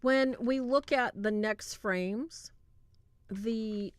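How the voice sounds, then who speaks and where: A woman hosting a livestream, retelling a film in a casual, animated way and acting out quoted lines. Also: on the high side, very slow, clean tone. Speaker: livestream host reviewing a film.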